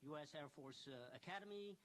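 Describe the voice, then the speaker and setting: A man introducing a guest speaker, reading a list of credits in a halting way with many fillers. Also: fairly high pitch, animated, a bit bright, slight background noise, rough recording. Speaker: event host introducing the speaker.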